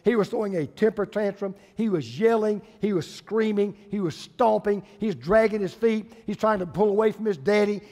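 A male pastor, preaching a sermon with folksy humor and lively storytelling. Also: high voice, in a large hall.

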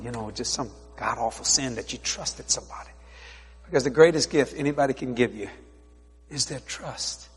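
A middle-aged male preacher telling a story in his sermon, animated, acting out dialogue and laughing often. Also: medium pitch, breathy edge, long reverb tail. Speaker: preacher, head of a ministry.

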